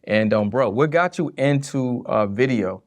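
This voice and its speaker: A man's voice: medium pitch, measured pace. Laid-back slangy male podcast host. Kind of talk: casual interview chat.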